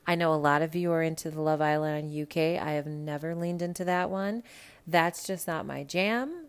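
A woman from the American Midwest hosting a podcast, chatting casually about pop culture with lots of swearing and sudden loud rants. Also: low-pitched, normal speed, clear, resonant tone. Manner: profane, animated, swings to loud rants. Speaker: podcast host.

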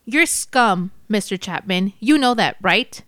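A woman's voice: on the high side, expressive, a bit bright, smooth, no echo. A woman doing a bitter, grieving widow. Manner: slow, cold and cutting.

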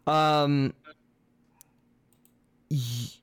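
A man's voice: a little high, fairly even intonation, very slow, smooth, dry recording. A man narrating as a tabletop game master, rambling with many likes and ums.

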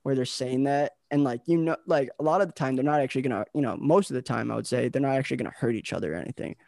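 Young man, podcast host, gravelly and dry, rambling easygoing chat. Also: mid-range voice, rapid-fire, darkish tone, dry recording. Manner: rambling, laid-back, lots of filler words and dudes.

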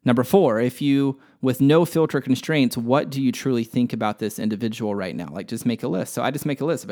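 With a mid-range, darkish voice, this podcast host moves briskly and barely pauses. He offers spiritual teaching in an easygoing, frank way, swearing liberally while working through an example from his own life.

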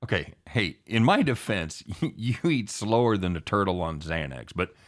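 A middle-aged man hosting a sports talk show, excitable and chatty, often calling his co-host by name. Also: on the low side, normal speed.

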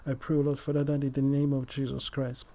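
A man hosts a faith-based music review and leads an earnest spoken prayer, calling out "Lord Father" again and again. His voice is dark and mellow. His pitch stays level, with little rise or fall. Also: monotone, fairly quick. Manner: earnest, repetitive praying with many "Lord Father" addresses.

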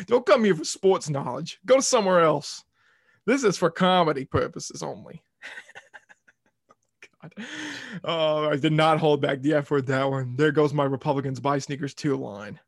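A slightly high-voiced man hosts a casual sports podcast, drifting from point to point with jokes and heated rants. He swears freely. The recording is dry and close, with no room sound. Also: no echo. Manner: rambling and jokey, swears and rants. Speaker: podcast host.

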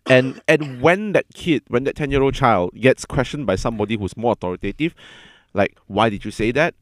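A man telling a personal story in a casual chat, earnest and halting, often repeating his words as he gathers his thoughts. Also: medium pitch, expressive, no room sound, clean studio sound.

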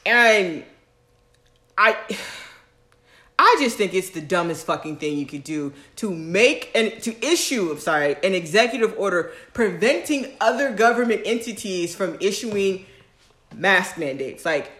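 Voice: medium pitch, animated, unhurried, pushed and bright. A podcast co-host in their own apartment, ranting in casual chat with exasperated, profane remarks. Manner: profane, exasperated, laughs between points. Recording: roomy echo.

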